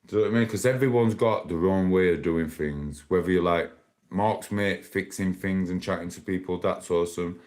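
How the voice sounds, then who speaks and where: Very deep-voiced chatty man. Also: normal speed, darkish tone. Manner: rambling, chatty, laughs often. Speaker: livestreamer. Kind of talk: casual live stream chat.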